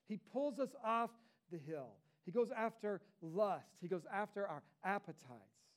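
A man's voice: sits high, animated, a little slow, hardly any pauses. A man, a pastor, preaching a sermon in a conversational way, with rhetorical asides to the congregation.

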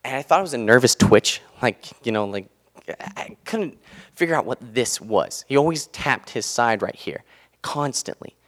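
A man's voice: medium pitch, animated, moderate pace, a bit bright. A young man in his twenties giving an earnest, casual sermon talk, loose and full of fillers. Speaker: student speaker giving a devotional.

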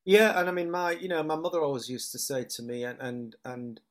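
A man's voice: a little high, level tone, a little fast, fairly bright tone. A man from Hull, telling rambling anecdotes in an interview and quoting people as he goes. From Hull, England. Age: 50s. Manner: rambling anecdotes, quoting others, laughing often. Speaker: actor guest. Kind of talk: chatty interview storytelling.

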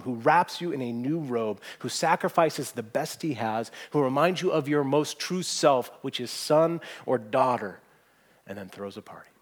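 A man preaching a sermon, earnest, pressing points hard and then dropping to a hushed voice. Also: medium pitch. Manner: earnest, swings from emphatic to hushed. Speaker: pastor.

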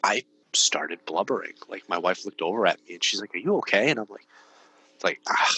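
Low-voiced earnest man, bright tone. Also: brisk, breathy edge, no echo, poor audio. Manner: earnest, rambling storyteller, heavy use of "like". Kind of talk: casual podcast conversation.

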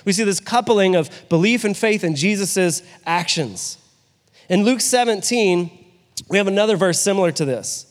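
A man preaching in a relaxed, conversational way, often turning to rhetorical questions. His voice sits high for a man. It trails off into the long echo of a big hall. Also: normal speed. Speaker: pastor. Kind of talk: sermon.

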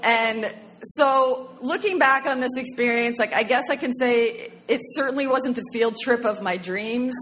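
A woman from Pennsylvania telling a personal story on stage, chatty and animated, with many "like" fillers. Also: a little high, unhurried. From Pennsylvania, USA.

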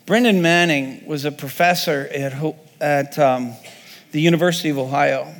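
A male pastor delivers a sermon in an earnest, unpolished way, often restarting and repeating words mid-thought. His voice sits a little high for a man. A long reverb trails each phrase, as in a large church sanctuary. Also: normal speed.

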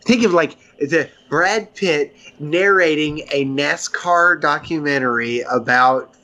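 Speaking slowly in a sharp-toned voice on the high side, a man co-hosting a podcast has a casual chat. He rambles with enthusiasm and frequently starts over.

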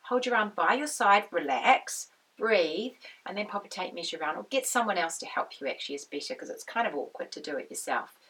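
A woman with a croaky voice, chatting casually as host of a knitting podcast and wandering off on tangents. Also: fairly low pitch, animated, a little fast, few pauses, a bit bright, recorded from a distance, poor audio. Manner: chatty, rambling, goes off on tangents. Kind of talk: casual chat to camera.

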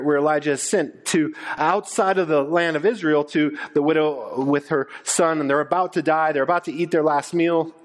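Animated, lively male preacher. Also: a little high. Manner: animated, acts out the crowd's voices; stumbles and repeats words. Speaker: pastor. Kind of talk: sermon.

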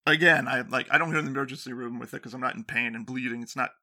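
Bright, gravelly man telling a rambling story. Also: medium pitch, steady tone, very fast. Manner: rambling, self-deprecating, many fillers and restarts. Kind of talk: casual storytelling chat.

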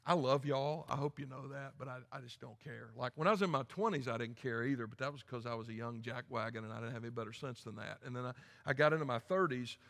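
A man, preaching a sermon in a blunt, folksy way that swings from quiet asides to loud preaching. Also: mid-range voice, quick pace, creaky, hardly any pauses. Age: 50s. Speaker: pastor. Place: large church sanctuary. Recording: echoey church hall.

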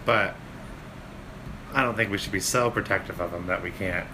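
A man co-hosting a casual podcast, telling a crude story in an animated way. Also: deep voice, normal speed, a little hiss or hum. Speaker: podcast co-host.

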